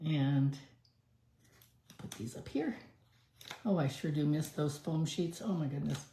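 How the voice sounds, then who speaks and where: Low, mellow woman demonstrating card crafts. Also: animated, a little slow, a little hiss or hum. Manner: chatty, talks through each step as she works. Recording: echoey room.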